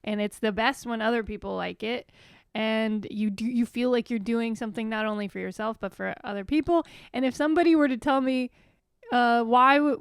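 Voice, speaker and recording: A woman's voice: on the high side, normal speed, clean tone, no room sound, clean studio sound. A young woman from the suburbs, co-hosting a comedy podcast in a swearing, ranting, over-caffeinated way. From Philadelphia suburbs. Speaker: podcast co-host. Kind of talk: casual comedic chat.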